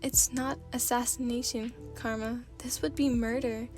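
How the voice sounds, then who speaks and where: A woman reading a teenage girl who acts tough while her voice wavers. It stays in a gentle ASMR story tone, fairly high in pitch. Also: level tone, measured pace, soft background music, close to an everyday voice. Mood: pleading. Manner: wavering, pleading.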